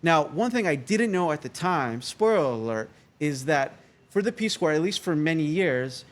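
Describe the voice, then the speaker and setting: American man, 30s, slightly high voice, animated joking storyteller, interview guest. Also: moderate pace. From United States.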